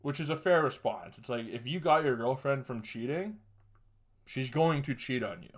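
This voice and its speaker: A man's voice: mid-range voice, animated, moderate pace. A young man hosting a podcast, telling a story in a casual way, crude and profane, chuckling often. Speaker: podcast host.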